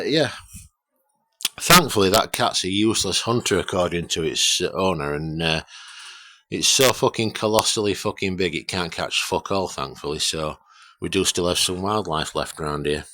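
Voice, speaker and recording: Man, very low voice, unhurried drawl, dry close sound, rambling sweary hobby vlog. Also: fairly bright tone, no echo. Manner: rambling, sweary, self-deprecating. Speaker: hobbyist radio restorer. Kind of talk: casual workshop vlog talk with shout-outs.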